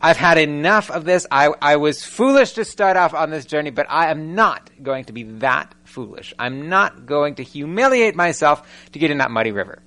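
A man's voice: on the high side, lively intonation, moderate pace, hardly any pauses, pushed and bright. A man voicing a proud, indignant army captain who refuses in a huff during a sermon. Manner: huffy refusals.

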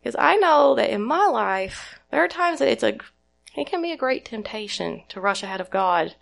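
A woman's voice: medium pitch, creaky, fairly bright tone. A woman preaching a sermon in an earnest way, putting questions to her listeners and retelling scripture.

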